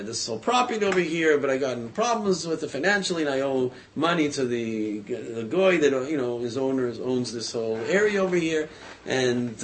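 A man's voice: on the high side, a bit bright, a little hiss or hum. A man voicing a poor, indebted father in a folk tale, weary and skeptical.

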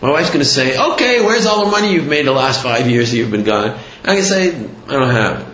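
A poor, cunning man pleads and wheedles, his pitch rising and falling eagerly, as a male storyteller plays him. It sounds a bit roomy and dull. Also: expressive, fast talker, fairly bright tone, close to an everyday voice. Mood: pleading.

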